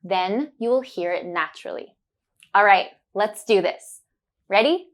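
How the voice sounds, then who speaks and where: A woman teaching a pronunciation lesson, repeating words slowly and clearly and praising the listener with upbeat cheer. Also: mid-range voice, animated. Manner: drawn-out, deliberate word drills with upbeat praise.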